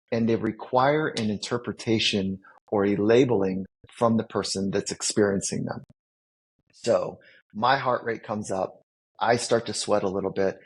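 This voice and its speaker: A man's voice: lowish voice, darkish tone, slightly rough, rough recording. A man, a psychologist guest on a podcast, explaining ideas in a teacherly way and building his points with vivid everyday examples. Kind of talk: explaining concepts in a podcast interview.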